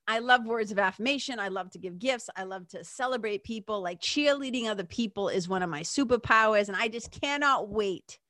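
A woman's voice: on the high side, a bit bright, no room sound, studio quality. A woman hosting a show, telling a personal story in a chatty, emphatic way and speaking straight to her listeners. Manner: chatty and emphatic, many fillers like "like" and "you know"; addresses listeners directly. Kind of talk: casual personal storytelling monologue.

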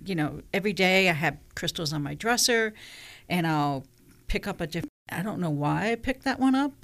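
A woman's voice: on the low side, animated, fairly quick, vocal fry, a bit bright. A woman guest who runs a crystal shop, talking in an easygoing way and explaining with anecdotes. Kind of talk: casual interview talk.

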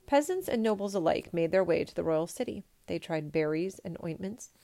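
Gentle woman reading a storybook. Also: lowish voice, animated, brisk, gravelly. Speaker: storybook reader. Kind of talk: storybook read-aloud.

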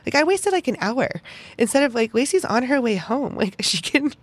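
A young woman hosting a podcast, telling a personal story in an animated, chatty way full of "like" fillers. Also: high-pitched, moderate pace, no room sound. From Pittsburgh, United States. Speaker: podcast host.

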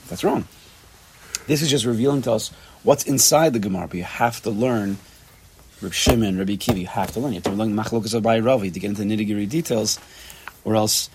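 Here the same kind of informal Torah lesson for a small group is delivered by a man with a lowish, slightly gravelly voice. He's lively, repeats himself, and mixes Hebrew and Yiddish expressions into his speech.

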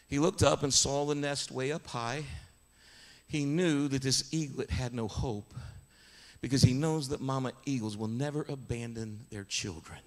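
A man preaching a sermon as a guest preacher, telling a story and swinging from quiet narration to shouted praise. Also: medium pitch.

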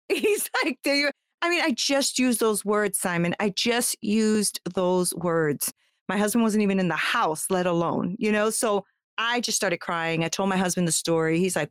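A woman's voice: medium pitch, moderate pace, clean tone, no echo, clean studio sound. A woman, a guest from the United States, telling her life story in a heartfelt, talkative way with many fillers and restarts. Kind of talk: candid personal storytelling.

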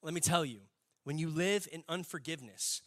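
A young adult man preaching a sermon, folksy and animated, building to emphatic peaks. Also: a little high, brisk. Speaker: pastor.

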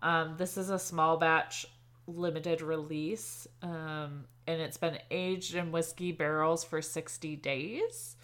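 A woman co-hosting a podcast in casual chat, with a dry, sarcastic humor and a habit of laughing and filling pauses. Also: low voice, steady tone, fairly bright tone. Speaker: podcast co-host. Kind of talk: casual chat over drinks.

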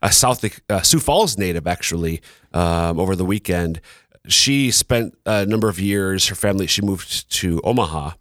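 A middle-aged man co-hosting a podcast in casual chat, playful, laughing often and pausing on fillers. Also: deep voice, animated, fairly bright tone, no echo, studio quality. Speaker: podcast co-host.

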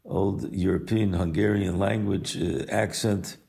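An older man, a rabbi, recording an unhurried personal message and story, weaving Hebrew and Yiddish terms into his English. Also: sits low, steady tone, gravelly, darkish tone. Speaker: rabbi and yeshiva teacher.

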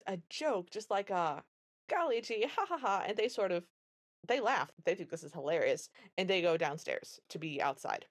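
A podcast co-host with a lowish voice recaps a film at a normal speed in casual conversation. She retells it with animation, acting out the characters' lines as she goes.

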